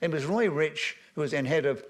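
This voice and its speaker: An older man spins long anecdotes before a festival audience. His voice sits a little high for a man, and he rambles with ums, restarts and chuckles. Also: a little fast. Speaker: veteran broadcaster and guest. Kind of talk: anecdotal stage conversation.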